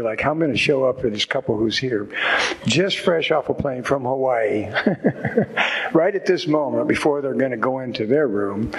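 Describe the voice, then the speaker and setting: A man's voice: mid-range voice, low-quality recording. A man speaking to a group at a recovery meeting, giving a candid, reflective personal testimony with wry humor.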